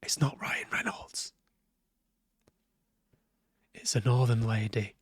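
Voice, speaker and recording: A man's voice: medium pitch, takes it slowly, husky, no room sound, whispered. A man streaming a horror game, joking and talking back to its characters, swearing now and then when startled. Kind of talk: live gameplay commentary.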